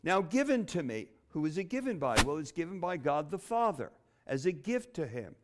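A middle-aged man preaching a sermon, expressive, with dramatic pauses and touches of humor. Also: a little high, background noise. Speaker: pastor.

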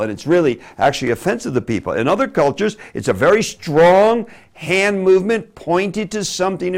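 Emphatic male preacher teaching a class, lively up-and-down delivery. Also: a little high. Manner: animated, emphatic delivery with sudden drops to a quiet voice. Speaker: preacher teaching public speaking. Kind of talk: preaching lesson on speaking.

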